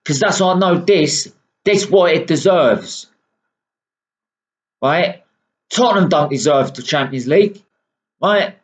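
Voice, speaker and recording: A man's voice: on the high side, expressive, slow pace, long pauses. A man ranting angrily about his football club, swearing often and tagging "right?" onto his sentences. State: unwell. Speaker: football fan vlogger. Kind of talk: angry ranting monologue. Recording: dull lo-fi sound.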